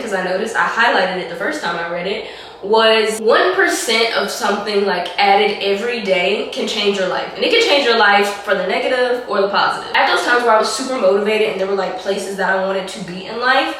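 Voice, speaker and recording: A young woman, hoarse from a cold, chatting casually to camera in a rambling way that is full of "like". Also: medium pitch, brisk, fairly bright tone, slight background noise. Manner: chatty, rambling, heavy use of "like". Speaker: vlogger. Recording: echoey room, mic at a distance.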